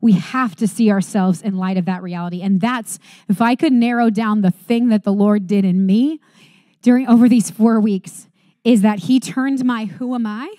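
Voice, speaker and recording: A woman giving a sermon, reading scripture aloud and preaching earnestly, rising bright at times and dropping to soft quiet emphasis. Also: mid-range voice, fairly even intonation, moderate pace, dry recording, studio quality.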